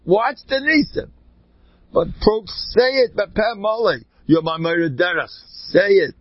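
A man giving an informal Torah talk, joking and swinging his pitch up and down, with Yiddish and Hebrew words mixed into his English. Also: expressive, measured pace, no echo. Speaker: religious speaker. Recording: dull lo-fi dry recording.

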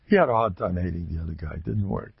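A man giving a storytelling sermon, talking in an animated way with sudden loud, emphatic rises. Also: low-pitched, fast, creaky, breathy edge, dry recording. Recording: dull lo-fi dry recording.

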